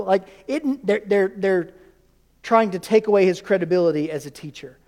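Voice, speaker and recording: A male pastor with a high voice delivers a teaching sermon, tossing questions to his congregation and answering them himself. His words ring out with the long reverb of a church sanctuary. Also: normal speed, a little mellow.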